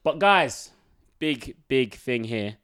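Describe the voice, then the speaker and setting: A young man, hosting a podcast and firing off quick questions with plenty of laughter. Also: medium pitch, lively intonation, a bit bright, smooth. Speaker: podcast host. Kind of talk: casual interview.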